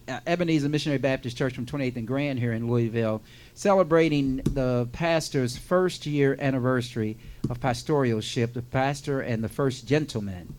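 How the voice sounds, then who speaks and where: A man's voice: mid-range voice, darkish tone. Man, radio host, casual chat, jokey, repeats words, studio mic. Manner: chatty, joking, repeats words for emphasis.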